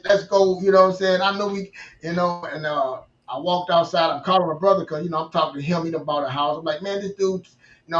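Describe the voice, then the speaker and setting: A man telling a long personal story in a casual interview, animated, restarting and repeating himself. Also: fairly high pitch. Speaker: guest. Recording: roomy, distant, dull-sounding mic.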